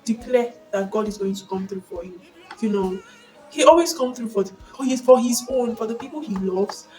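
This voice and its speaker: Expressive Nigerian woman sharing a testimony. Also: on the high side, normal speed, far from the mic, poor audio. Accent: Nigerian English. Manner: expressive storytelling, bursts of excited exclamation. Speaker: vlogger sharing a faith testimony. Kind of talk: casual personal testimony. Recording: mic set back with faint background music.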